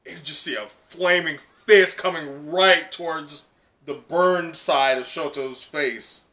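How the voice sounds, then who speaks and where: A man hosting a live comic reaction who talks in an excitable, rambling way with lots of "like". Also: on the high side, slow pace. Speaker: reaction video host.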